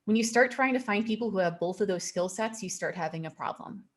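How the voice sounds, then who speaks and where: Emphatic woman presenting a webinar. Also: mid-range voice. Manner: emphatic, repeats warnings, quick laughs.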